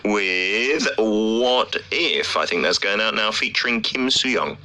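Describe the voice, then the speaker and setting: A man hosting a radio show, joking and teasing his guest in lively banter. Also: lowish voice, takes it slowly. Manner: jokey, teasing, animated.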